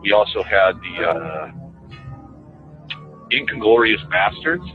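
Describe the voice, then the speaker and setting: A man's voice: on the low side, expressive, slow pace. A man delivering an emphatic, profane, repetitive radio monologue, played back as a clip. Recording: tinny phone-like radio clip with faint music.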